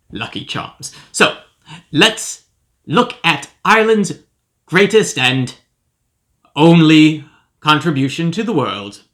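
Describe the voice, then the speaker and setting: A man's voice: medium pitch, sharp tone, heavily acted. A man playing a pompous, self-important professor who hosts a comedic cereal review. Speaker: host. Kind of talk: comedic character monologue.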